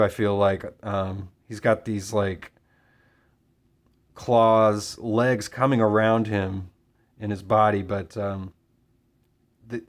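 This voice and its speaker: A man casually summarizing and reviewing a comic book issue, talking with frequent fillers and pauses. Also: on the low side. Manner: relaxed, hesitant with fillers.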